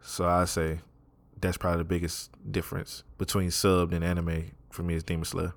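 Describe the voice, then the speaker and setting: A man's voice: low-pitched, monotone, moderate pace, creaky, no echo. A young man co-hosting a podcast in casual chat, laid-back and slangy, laughing often. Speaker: podcast co-host.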